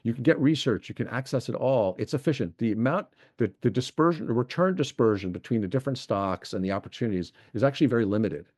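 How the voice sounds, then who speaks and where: A man's voice: medium pitch, animated, fast talker, few pauses, a little mellow, no room sound, clean studio sound. A middle-aged man, an investment executive talking as a podcast guest, explaining eagerly and piling up examples. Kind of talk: podcast interview.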